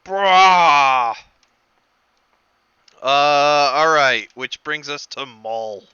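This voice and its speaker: An excitable man running a tabletop game over voice chat. His voice is very bright and crisp, and he talks slowly. The mic is dry and slightly dull. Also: mid-range voice, no echo. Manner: excitable, laughs at big hits. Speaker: game master.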